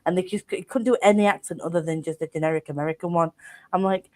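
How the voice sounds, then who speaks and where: A woman's voice: on the low side, steady tone, fast talker, a little mellow, no echo. A young woman chatting with friends on a video call, rambling and restarting, swearing when she rants. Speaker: guest on a book stream. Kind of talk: casual chat with friends.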